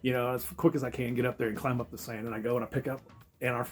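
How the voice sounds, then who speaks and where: A man spins a wild travel story at a fast clip, swearing freely and laughing between his lines. His voice sits at an ordinary middle pitch, and he tells it loosely and casually. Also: faint music behind. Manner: profane, laughing, animated. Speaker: travel vlogger.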